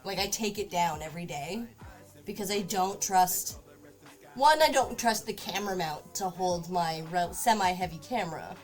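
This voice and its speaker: A woman's voice: fairly low pitch, moderate pace, faint music behind. A woman streamer chatting casually while crafting at home, often cooing at her cat. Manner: chatty, talks baby-talk to her cat. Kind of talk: casual livestream chat.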